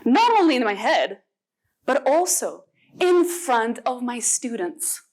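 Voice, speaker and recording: Slow, high-voiced woman giving a motivational talk. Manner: expressive, rhetorical questions, deliberate pauses. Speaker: English teacher educator. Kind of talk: motivational speech.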